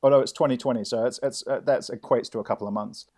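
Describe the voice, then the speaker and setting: A man, a comedy correspondent riffing in improvised banter with a rambling, deadpan delivery full of restarts. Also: mid-range voice, quick pace. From New Zealand.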